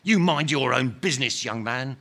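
A man's voice: medium pitch, lively intonation, normal speed, a bit bright. A man voicing an indignant, aggrieved old ghost. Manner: indignant, insistent, ungrammatical working-class talk. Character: bitter aggrieved male ghost, former workman, self-righteous. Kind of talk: dramatic reading of a novel.

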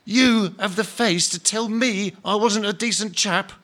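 A man's voice: mid-range voice, animated, measured pace, a bit bright. A man reading aloud and voicing a bitter, self-righteous male ghost who insists on his rights in blunt, ungrammatical speech. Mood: indignant. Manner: indignant, insistent, ungrammatical working-class talk. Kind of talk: dramatic reading of a novel.

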